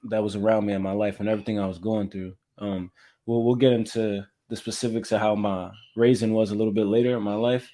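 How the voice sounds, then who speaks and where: A man from Florida, a music artist interviewed as a guest, telling his own story in a reflective, measured and candid way. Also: on the low side, level tone, mellow.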